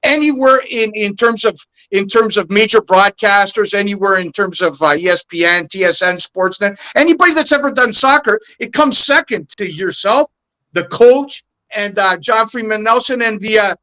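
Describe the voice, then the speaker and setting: A man's voice: high voice, moderate pace, sharp tone, poor audio. A man co-hosting a sports talk show in casual banter, rambling and restarting his phrases.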